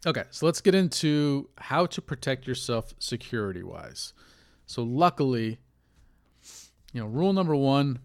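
A man's voice: medium pitch, big pitch swings, moderate pace, vocal fry, no room sound. Male podcast host, loose casual monologue, candid and profane, mid-range voice, dry room. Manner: rambling, candid, swears freely, laughs at himself.

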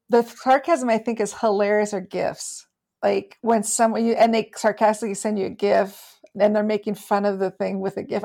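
A woman chatting casually as a podcast co-host, her voice carrying a noticeable gravelly fry. She talks chattily, tripping over restarts and laughing along as she goes. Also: medium pitch, warm tone. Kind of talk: casual chat.

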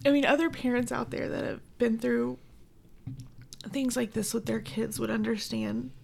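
Gravelly middle-aged woman podcast host. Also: a little high, level tone, normal speed, darkish tone. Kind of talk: casual podcast chat.

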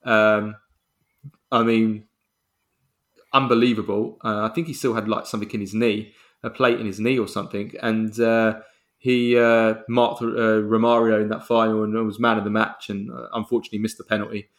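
A man's voice: fairly low pitch, little pitch movement. Enthusiastic male football podcast host. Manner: enthusiastic, rapid listing with frequent restarts.

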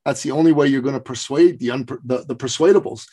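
A man's voice: mid-range voice, fast talker, warm tone, breathy edge. A man in his fifties hosting a podcast interview, talking earnestly with frequent hesitations. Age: 50s. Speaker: podcast host. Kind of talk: casual interview chat.

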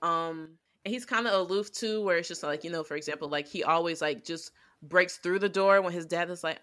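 A woman's voice: lowish voice, brisk, few pauses, fairly bright tone. A woman co-hosting a podcast, chatting casually and rambling with lots of fillers as she animatedly retells scenes. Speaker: podcast co-host. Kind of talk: casual anime review chat.

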